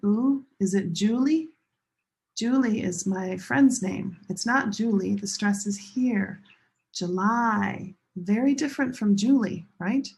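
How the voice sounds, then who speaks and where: A woman teaching a pronunciation lesson, leading learners through slow chanted drills. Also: on the high side, gravelly, a little mellow, slightly rough. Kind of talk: classroom lesson.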